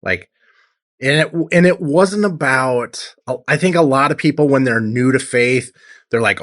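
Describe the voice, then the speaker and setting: Bright-voiced man telling his story. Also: mid-range voice, measured pace. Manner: earnest storytelling, acts out his own past lines. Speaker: guest, tattoo artist. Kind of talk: personal testimony in an interview.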